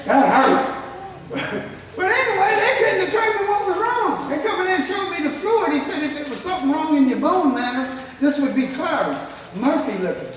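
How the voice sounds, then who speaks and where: Middle-aged preacher with a high, folksy voice that often breaks into laughter, heard from a distance in a long-reverb church hall. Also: male voice, lively intonation, moderate pace. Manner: folksy, laughs often, keeps asking the crowd if they follow. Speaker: traveling preacher. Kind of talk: sermon. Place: church sanctuary. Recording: echoey church hall, mic far off, faint hiss.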